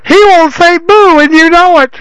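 A man's voice: very high voice, moderate pace, sharp tone, no echo, pitched above the performer's own voice, rough recording. A man voicing a spoiled, childish grown son with a whiny, nasal voice. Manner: pleading, petulant whine.

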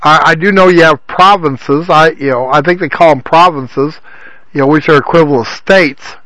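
A man's voice: fairly high pitch, moderate pace, bright, forceful tone, no room sound, rough recording. A man hosting a casual call-in talk show, rambling and leaning on "you know what I mean".

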